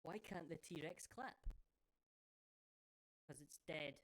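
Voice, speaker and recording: A woman's voice: deep voice, slow, a little hiss or hum, rough recording. A woman with a Scottish accent, chatting casually and jokingly while she streams a game, swearing freely and rambling through silly asides. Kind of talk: casual live-stream commentary while gaming.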